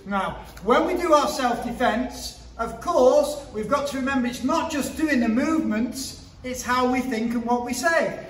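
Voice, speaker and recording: A man's voice: extremely high pitch, a little hiss or hum. A man, a martial arts instructor, teaching a children's class to camera in an upbeat, playful way, counting drills and joking. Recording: echoey hall, far from the mic.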